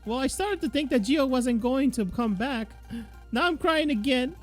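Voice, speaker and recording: A man's voice: lively intonation, moderate pace, faint music behind. A man voicing a worried, tearful young girl in a game dub. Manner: high and emotional.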